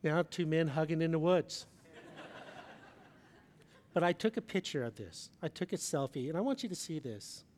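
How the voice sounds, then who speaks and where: A middle-aged man preaching in a large church hall, his slightly raised voice carrying a long reverb. He tells his story with feeling, pressing hard on some lines and dropping almost to a hush on others. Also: fairly high pitch, expressive, moderate pace, pauses often, a little hiss or hum. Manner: storytelling with emotional swings, from loud emphasis to soft near-whispers. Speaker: pastor. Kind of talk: sermon.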